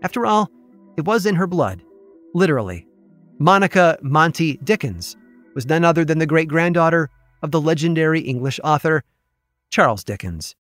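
Man narrating a story over soft music. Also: fairly high pitch, animated, moderate pace, no echo, clean studio sound. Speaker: podcast host and narrator. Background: soft background music.

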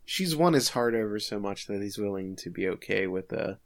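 A man's voice: fairly low pitch, animated, brisk, gravelly. A man co-hosting a podcast, casually recapping an episode with filler words and light chuckles. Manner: laid-back summarizing with filler words and chuckles.

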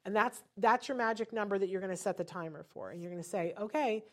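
A woman coaching parents in a chatty, animated teaching talk, now and then breaking into cheerful singsong cheers. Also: medium pitch, fast. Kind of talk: instructional talk.

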